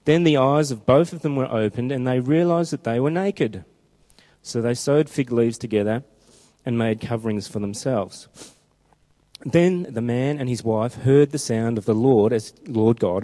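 A man preaching a chatty, informal sermon who slows down when reading scripture aloud. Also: mid-range voice, mellow. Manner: conversational and chatty, slowing down for scripture quotes.

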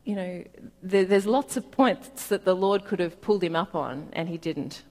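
Woman preacher, gentle and reflective, soft low-pitched voice, long hall reverb. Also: moderate pace, slight background noise. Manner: gentle, reflective, laughs softly at times. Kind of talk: sermon with Bible reading.

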